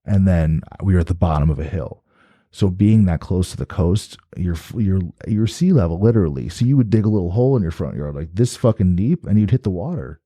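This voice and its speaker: Jersey guy, real low voice, rambles and cusses a lot, casual chat, dry mic. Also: lively intonation, a little fast, dark tone, no room sound. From New Jersey, USA. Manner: rambling storyteller, swears freely. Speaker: guest.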